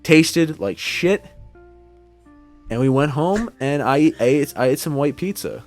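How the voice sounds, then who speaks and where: A man's voice: on the high side, takes it slowly, faint music behind. A young man co-hosting a podcast, telling a long story in a casual, profane way and acting out the quotes, heard over a call mic. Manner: animated, profane, acts out quotes. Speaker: podcast co-host.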